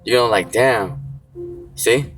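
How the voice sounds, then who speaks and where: Music plays in the background as a man with a mid-range voice, speaking at normal speed, preaches on the street. His casual sermon includes scripture reading, and he rambles with blunt slang and many fillers.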